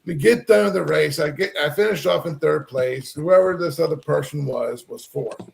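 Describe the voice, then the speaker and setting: Gravelly-voiced man telling a rambling story. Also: fairly high pitch, normal speed. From Texas. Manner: rambling, animated, many fillers. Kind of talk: casual storytelling.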